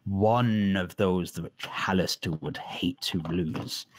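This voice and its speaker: A man who narrates a tabletop game as dungeon master, playing many characters. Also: low voice. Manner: slow, animated storytelling, plays many voices.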